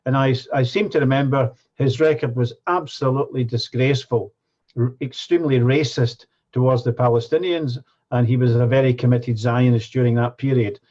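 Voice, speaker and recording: A man's voice: mid-range voice, steady tone, moderate pace, darkish tone. A man hosting an interview, asking earnest, probing questions. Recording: dull lo-fi recording.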